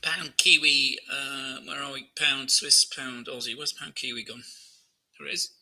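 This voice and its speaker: Bright-voiced chatty male market commentator. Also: mid-range voice, fairly even intonation, a little slow, poor audio. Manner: chatty, many fillers, asks viewers questions. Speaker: market analyst hosting a live trading Q&A. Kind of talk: live-stream market commentary.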